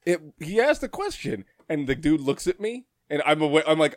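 A man's voice: fairly high pitch, brisk, few pauses, dry recording. A man co-hosting a casual chat, telling a workplace story with a lot of swearing and frequent laughter. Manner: profane, animated, laughs often.

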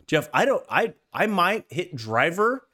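Animated, profane man telling a golf story. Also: high voice, measured pace. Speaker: podcast co-host. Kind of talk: casual chat.

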